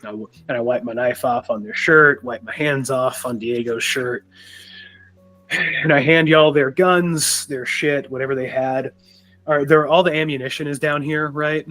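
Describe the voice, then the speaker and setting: A man's voice: medium pitch, steady tone, normal speed, sharp tone, soft background music. A man playing a tabletop game, stating his character's actions in a blunt, matter-of-fact way with casual swearing. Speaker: player. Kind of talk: casual tabletop role-play.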